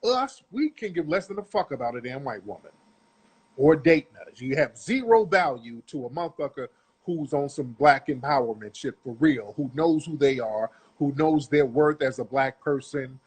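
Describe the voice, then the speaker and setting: Blunt, profane husky man ranting. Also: mid-range voice, expressive, moderate pace. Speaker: commentator. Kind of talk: ranting commentary on a video clip.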